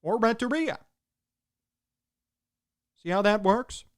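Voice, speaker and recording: A man's voice: high-pitched, expressive, slow pace, clean tone. A man hosting a sports talk show, delivering an emphatic opinion monologue in punchy, repeated short sentences.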